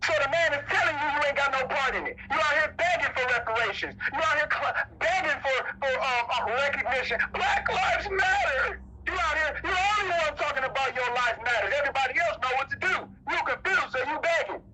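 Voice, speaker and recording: A man's voice: extremely high pitch, quick pace, hardly any pauses, noisy background. A man preaching a sermon at a religious meeting, emphatic and repetitive, firing rhetorical questions at his listeners.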